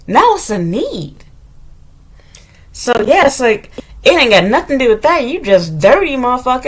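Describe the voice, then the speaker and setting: A woman's voice: sits high, big pitch swings, normal speed, fairly bright tone. A woman from the United States, talking bluntly and profanely in a casual vlog monologue. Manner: blunt, profane, candid storytelling. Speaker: vlogger.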